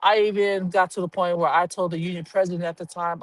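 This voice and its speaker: A woman's voice: lowish voice, little pitch movement, fast talker, no room sound. A woman who works as a union representative at a prison telling a personal story in a candid, earthy way, swearing freely and laughing at herself.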